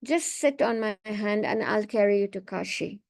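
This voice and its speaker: An old holy sage who is gentle and sweetly coaxing, as a woman storyteller gives him voice. His voice stays at an ordinary middle pitch, as in a story read aloud to a group. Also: normal speed, gravelly, natural voice. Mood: reassuring. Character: old male sage, kindly then coaxing.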